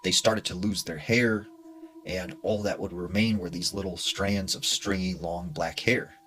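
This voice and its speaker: Guy with a low voice spinning a creepy campfire tale, hushed and dramatic. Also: steady tone, unhurried. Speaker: storyteller. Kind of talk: spooky true-story narration.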